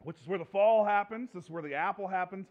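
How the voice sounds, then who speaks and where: A man preaching a conversational sermon, joking and animated, repeating phrases for emphasis. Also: sits high, fast, muffled recording. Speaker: pastor.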